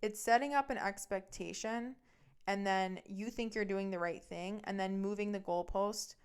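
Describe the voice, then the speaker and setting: A woman's voice: medium pitch, clean tone. A woman hosting a podcast, telling a story from her own life in a casual way, talking bluntly and swearing often. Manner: fast, animated retelling. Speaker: podcast host.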